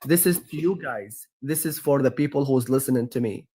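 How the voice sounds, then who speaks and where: A man's voice: mid-range voice, brisk, mellow, slightly rough. A man from Iraq with an Iraqi accent, a guest on a livestream, telling stories emphatically and repeating himself as he restarts phrases. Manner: repetitive, emphatic storytelling with frequent restarts. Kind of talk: casual debate-stream chat.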